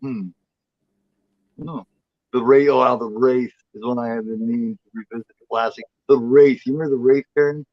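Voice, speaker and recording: A man's voice: mid-range voice, steady tone, fairly quick, dry recording, muffled recording. Casual swearing male horror host. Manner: rambling, swears freely, voices the cat in a playful drawl. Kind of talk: casual livestream chat.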